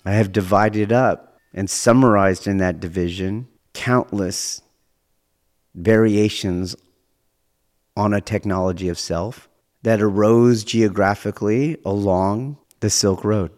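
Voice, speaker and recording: A man hosting his own podcast as a martial arts teacher, speaking in a deliberate, academic way and often rephrasing himself as he goes. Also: lowish voice, fairly even intonation, darkish tone, in a large hall. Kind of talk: measured monologue.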